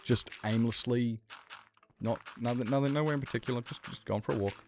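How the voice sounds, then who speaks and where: A man's voice: mid-range voice, fairly quick, darkish tone, slight background noise. A young man streaming a game, chatting casually and telling stories in a rambling, swearing way. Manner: rambling, profane storytelling. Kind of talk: casual chat while gaming.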